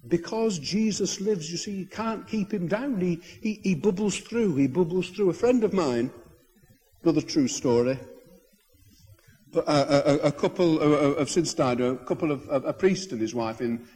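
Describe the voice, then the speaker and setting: A man preaching a sermon as a bishop, telling stories in an animated way with hesitant restarts. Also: on the high side, moderate pace. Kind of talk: sermon storytelling. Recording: husky voice in a long-reverb hall.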